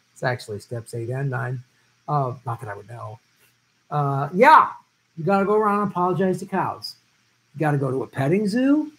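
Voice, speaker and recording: A middle-aged man hosts a loose, casual chat, reading out viewer comments and riffing on them with offhand jokes. His voice sits a touch higher than most men's, and he wanders through his answers with frequent fillers and restarts. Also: rough recording. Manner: joking, rambling, reads comments aloud. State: vegetarian who travels for work. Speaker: host answering viewer questions. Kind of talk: casual live-stream chat.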